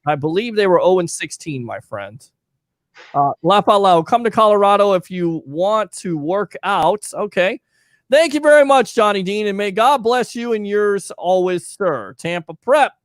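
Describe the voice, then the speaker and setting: A man's voice: high-pitched, moderate pace, no echo. A man hosting a live sports talk show, reading listener comments aloud and bantering with his co-host. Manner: animated, reads listener comments, jokey banter. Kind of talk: casual live call-in sports chat.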